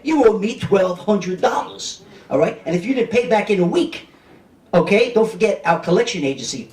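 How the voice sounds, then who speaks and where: Brash New comic in his fifties. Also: high-pitched. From Brooklyn, New York. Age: 50s. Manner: brash, streetwise, keeps checking in with the crowd. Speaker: stand-up comedian. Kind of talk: stand-up comedy set. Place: comedy club stage. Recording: echoey club, mic heard from a distance, audience noise.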